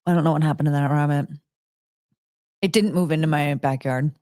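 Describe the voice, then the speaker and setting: A woman chats casually with her livestream viewers, rambling, giggling and often cutting herself off mid-sentence. Her deep, darkish voice is fairly quick and fairly even in intonation, with clean studio sound and no echo.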